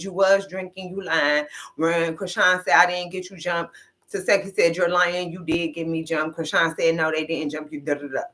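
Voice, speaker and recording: Bright-voiced woman recapping drama. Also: fairly low pitch. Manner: recounts scenes with quoted dialogue, grows emphatic when giving opinion. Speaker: reality show commentator. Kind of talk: casual recap and opinion.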